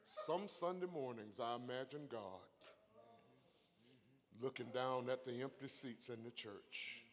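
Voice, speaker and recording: A man preaching a sermon, moving from a quiet story to shouted, crying high points. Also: measured pace, in a large hall. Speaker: pastor.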